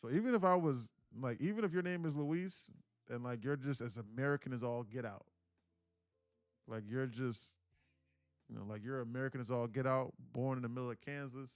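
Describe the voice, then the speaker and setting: A man's voice: medium pitch, clean tone, dry recording. Man joking through a dry, close stream. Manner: joking, teasing chat with viewers. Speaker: livestream day trader host. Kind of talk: casual live-stream commentary.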